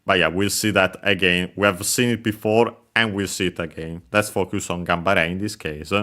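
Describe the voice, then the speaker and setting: A man's voice: low-pitched, fairly even intonation, normal speed, pushed and bright. A man teaching Japanese while playing a video game, hesitant and full of filler words and self-corrections. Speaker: Japanese language teacher streaming gameplay.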